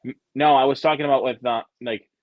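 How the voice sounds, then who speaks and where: A man's voice: medium pitch, fairly even intonation, fast talker, dry recording. A man co-hosting a casual chat, rambling hesitantly with many restarts and fillers. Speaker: podcast co-host. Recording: dry, dull sound.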